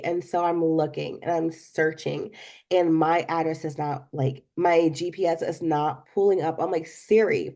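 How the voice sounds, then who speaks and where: A young woman hosting a podcast, telling an animated story and giving casual advice straight to her listeners. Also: fairly low pitch. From not from Florida. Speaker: podcast host.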